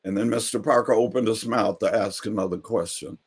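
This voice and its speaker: A man's voice: lowish voice, fairly quick, hardly any pauses, breathy edge. A man telling a personal story in an earnest, reflective way.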